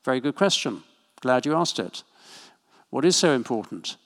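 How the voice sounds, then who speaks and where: A man preaches in a church at a medium pitch, keeping his sermon conversational with friendly asides and small jokes. His voice carries a long reverb from the hall around him. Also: very animated, moderate pace, fairly bright tone.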